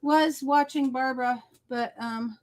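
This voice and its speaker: A woman with a fairly high voice co-hosts a relaxed crafting livestream over a video call, chatting casually. She explains things patiently in small steps and keeps pausing to make sure her listener is following.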